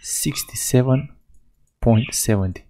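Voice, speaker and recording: This European gaming video host has a warm, medium-pitched voice and an unhurried pace, heard on a low-quality recording with a bit of hiss or hum. He narrates a playthrough, reading in-game dialogue aloud with playful mock voices.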